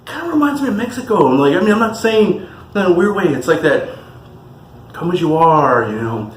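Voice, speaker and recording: A man's voice: sits high, sing-song, a little fast, a little hiss or hum. A man from California giving an enthusiastic, chatty tasting review as the host of his channel. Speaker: spirits reviewer. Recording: echoey room with faint music.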